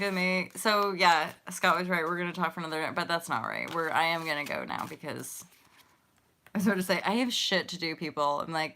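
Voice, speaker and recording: Brisk and animated, this thirtysomething host of a spiritual livestream giggles and wanders off-topic while chatting with her viewers. She has a fairly low pitch and a bright, forceful tone.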